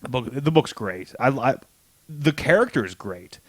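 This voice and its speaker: A man's voice: medium pitch, expressive, normal speed, dry recording. A man co-hosting a casual comics podcast, retelling a story in a loose, rambling way and acting out the lines in his own voice. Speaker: podcast co-host. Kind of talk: casual chat about comics.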